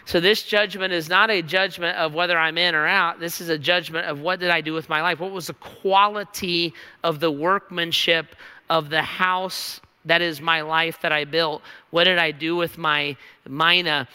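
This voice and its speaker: A man's voice: on the high side, fairly even intonation, moderate pace, sharp tone, clear, resonant tone. A man preaching a sermon as pastor, earnest and emphatic, teaching from scripture. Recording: reverberant hall.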